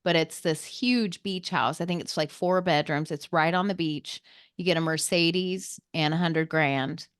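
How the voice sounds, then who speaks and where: A woman hosting a podcast, chatty and quick to laugh, asking her guests lots of questions. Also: lowish voice, clean tone, no room sound, studio quality. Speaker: podcast host. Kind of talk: casual chat.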